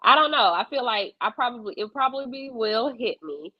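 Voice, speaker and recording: A woman, co-hosting a casual podcast chat and telling stories with animated, acted-out quotes. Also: a little fast, dry recording. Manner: animated storyteller, voices quotes with big pitch jumps. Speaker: podcast co-host. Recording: dull lo-fi sound.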